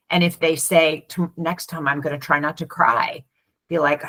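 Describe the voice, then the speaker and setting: A woman's voice: deep voice, measured pace. A middle-aged woman, a former teacher turned parent coach, talking in an interview and acting out the voices of children and parents in her stories. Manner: animated storyteller who acts out children's and parents' voices. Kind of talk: conversational interview.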